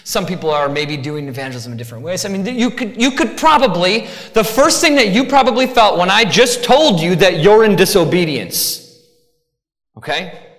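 An animated male pastor preaching in a bright, ringing voice that swings widely in pitch. He talks conversationally, with asides to the congregation. The sound carries a long reverb from a big hall. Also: normal speed. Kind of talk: sermon.

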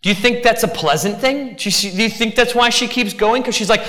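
A man preaching a sermon as pastor, talking in an animated, conversational way with asides. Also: high voice, a little fast, big-room sound.

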